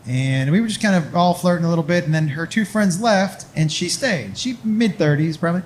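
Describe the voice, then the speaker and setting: A man's voice: a little high, fairly quick, slight background noise. A man telling a stand-up story on stage, acting out other people's voices and sound effects. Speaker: stand-up comedian. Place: live comedy club.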